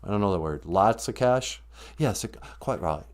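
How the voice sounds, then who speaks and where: A man voicing a male monster who drops the act to speak in a refined, halting, world-weary way. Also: lowish voice, lively intonation, voice pushed down, natural voice.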